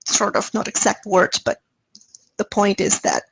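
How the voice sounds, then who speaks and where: A woman presenting on a video call webinar, telling a story in a casual, lively way and acting out the dialogue. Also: a little slow, creaky, slight background noise, poor audio. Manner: lively, acts out dialogue with rising pitch and laughs.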